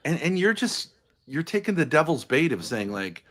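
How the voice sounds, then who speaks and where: A man's voice: on the high side, very animated, moderate pace, fairly bright tone. A man in a heated argument on a live stream, blunt, confrontational and swearing freely.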